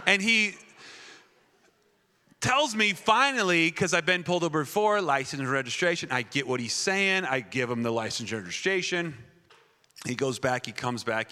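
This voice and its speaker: A man's voice: medium pitch, sharp tone. A man from Wisconsin, a pastor preaching with playful comic stories that turn into earnest teaching. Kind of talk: comedic sermon storytelling. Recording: echoey hall.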